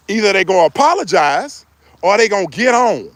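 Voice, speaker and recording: A man's voice: high voice, very animated, brisk, no echo. A middle-aged man giving relationship advice in a joking, preachy way. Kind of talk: casual advice monologue.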